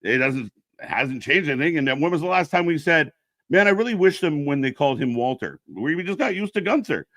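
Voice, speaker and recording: A man's voice: on the high side, very animated, quick pace, dry recording, studio quality. Joking man co-hosting a wrestling stream. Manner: joking, profane, laughs loudly. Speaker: co-host of a wrestling live stream. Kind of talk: casual banter, reading chat.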